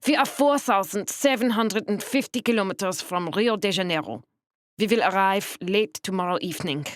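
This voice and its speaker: A woman's voice: medium pitch, normal speed, dry recording, clean studio sound, voice pushed up, lightly acted. A woman voicing a stocky German widow with a thick German accent, speaking curtly and snappishly in an audiobook. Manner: curt, snappish, clipped.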